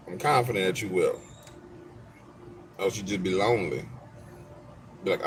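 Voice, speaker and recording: A man's voice: low-pitched, moderate pace, pauses often, a little hiss or hum. A man in casual live-stream chat, trash-talking viewers and telling stories in loose slang.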